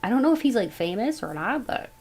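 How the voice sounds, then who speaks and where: A woman giving a casual tarot reading, thinking aloud as she goes in a musing, unhurried way. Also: fairly high pitch, very animated, darkish tone, poor audio. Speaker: tarot reader.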